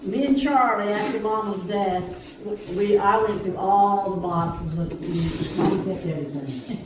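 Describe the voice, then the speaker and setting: A woman telling family stories in a quick, amused way. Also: mid-range voice. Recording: distant mic, echoey hall, clear noise.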